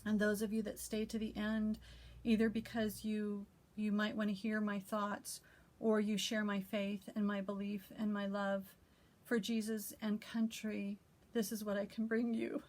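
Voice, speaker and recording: A middle-aged woman who hosts a quilting vlog, speaking in a heartfelt, emotional and halting way and reading scripture aloud. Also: mid-range voice, monotone, a little mellow. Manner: emotional, halting, with many restarts. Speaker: quilting vlogger. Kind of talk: heartfelt personal reflection.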